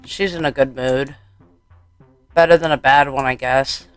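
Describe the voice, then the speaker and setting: Smooth-voiced man reading a horror game. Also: medium pitch, fairly even intonation, a little slow, faint music behind. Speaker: let's play gamer.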